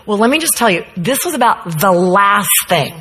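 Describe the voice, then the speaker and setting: A mother tells a story during a sermon, animatedly acting out the quotes. Her medium-pitched voice moves at a moderate pace, with slight background noise and a long hall reverb.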